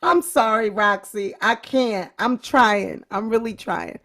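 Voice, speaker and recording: Woman, gossip host, unhurried delivery, animated and giggly. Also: a little high. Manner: animated, breaks into uncontrollable laughter. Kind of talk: casual commentary reading news.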